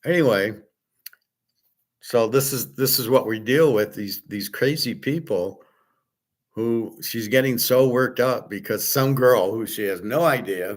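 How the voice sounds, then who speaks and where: A man hosting a casual monologue, rambling through a story with restarts and acted-out quotes. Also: lowish voice. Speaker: host.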